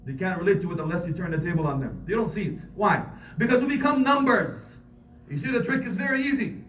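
A man delivers a sermon as an imam, his voice pitched high and his phrases climbing to forceful emphasis. He is heard from some distance in a reverberant prayer hall. A faint hiss of noise sits under the recording. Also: expressive. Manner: impassioned, rising to emphatic peaks, recites Arabic quickly. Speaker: imam giving a Friday sermon.

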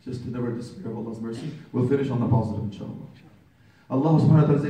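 A man's voice: mid-range voice, steady tone, very fast, warm tone. A man preaching a sermon with fervent rhetorical questions, reciting Arabic scripture and translating it, calling listeners brother. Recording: very echoey room, far from the mic.

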